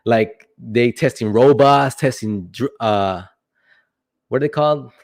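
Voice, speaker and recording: A man's voice: mid-range voice, a little slow, a little mellow. A young man hosting a casual livestream, answering chat questions in a rambling, playful way with joking asides.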